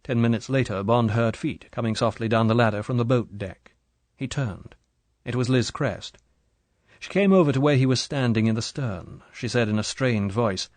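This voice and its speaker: A man's voice: medium pitch, normal speed, a little mellow, no room sound. Man narrating an audiobook, dry close sound. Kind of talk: scripted narration.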